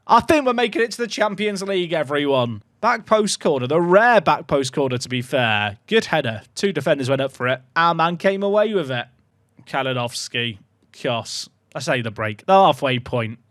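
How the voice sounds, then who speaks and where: A young man commentating his own football management game at home, chatty and excitable, shouting when goals go in. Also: fairly high pitch, no room sound, studio quality. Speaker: gaming YouTuber. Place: home room.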